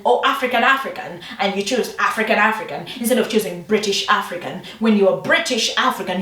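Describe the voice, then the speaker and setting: A woman's voice: mid-range voice, a bit bright. A woman from Uganda, now living in Britain, giving a passionate, emphatic opinion monologue, swearing often and asking rhetorical questions. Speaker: vlogger. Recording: echoey room, distant mic.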